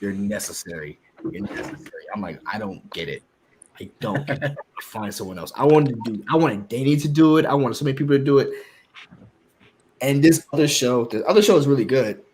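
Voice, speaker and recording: A man hosting a podcast, telling stories in casual chat, animated and swearing freely. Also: medium pitch, brisk, a little hiss or hum. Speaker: podcast host.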